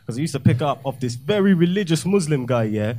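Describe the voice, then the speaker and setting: A young man doing a deadpan, self-mocking, slangy stand-up set in a comedy club. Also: a little high, fast talker. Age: young adult.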